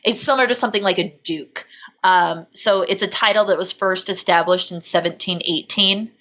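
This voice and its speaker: An American woman hosting a podcast, telling a true-crime story in a profane, sarcastic, animated way. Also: mid-range voice, moderate pace. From United States. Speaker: podcast host.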